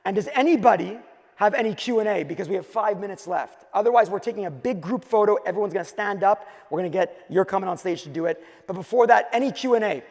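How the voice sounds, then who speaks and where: Male conference speaker from Quebec, high raspy-fried voice, energetic storytelling, hall reverb. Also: fast talker. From Quebec, Canada. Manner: energetic storytelling, punchy short phrases. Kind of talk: keynote talk on stage.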